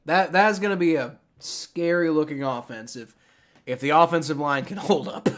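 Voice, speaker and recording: A young man reacts casually to a sports draft on his live stream, rambling, restarting often, and swearing frequently. His voice is on the high side and fairly bright, moving at normal speed.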